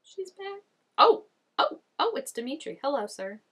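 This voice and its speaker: This reaction vlogger's voice sits high and sing-song, a little bright, moving at a measured pace. The young woman chats casually, full of "like," gasping and exclaiming at what she sees.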